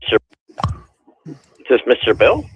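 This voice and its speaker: A man's voice: medium pitch, huge pitch swings, measured pace, slightly rough, dry recording. Man leaving a muffled voicemail. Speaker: caller. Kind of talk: voicemail message. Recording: dull lo-fi voicemail.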